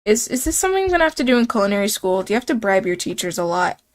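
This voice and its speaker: A woman's voice: medium pitch, sing-song, very fast. Playful young woman streamer. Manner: playful, chatty, reacts and jokes with chat. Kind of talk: casual game commentary and reading aloud.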